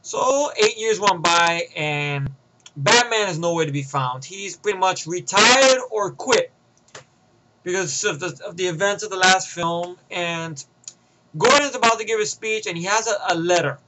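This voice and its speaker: A man giving a rambling, profane rant of a movie review, swinging between loud outbursts and mutters. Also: sits high, unhurried, heavy background noise.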